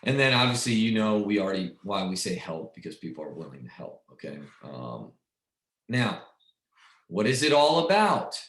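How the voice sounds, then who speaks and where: A man's voice: lowish voice, sing-song, normal speed, a bit bright. A man coaching a training session as a sales trainer, talking emphatically and often checking in with "right?". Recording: echoey room.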